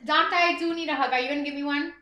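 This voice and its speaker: A woman's voice: sits high, fairly even intonation, racing, background noise. A woman in her thirties hosting a livestream, chatting candidly and laughing often. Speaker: livestream host. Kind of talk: casual chat. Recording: echoey room.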